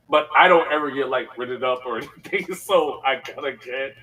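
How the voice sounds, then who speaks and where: A man at mid pitch spins a story from his job, loose and laughing, piling on fillers and slang. He sits a little back from the mic, so his voice sounds somewhat distant. The chat is casual and unscripted. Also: brisk, sharp tone, breathy edge. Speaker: podcast co-host.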